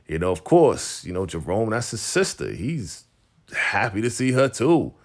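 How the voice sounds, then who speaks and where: Speaking in a sing-song way at a moderate pace, this fairly low-voiced man reviews a TV episode. He keeps things loose and slangy with plenty of fillers, voicing the characters' lines as he recaps.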